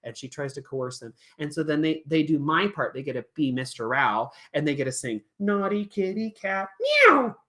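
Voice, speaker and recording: A woman's voice: rumbling low, steady tone, brisk, few pauses. A woman teacher explaining a puppet lesson in a chatty way, with many fillers.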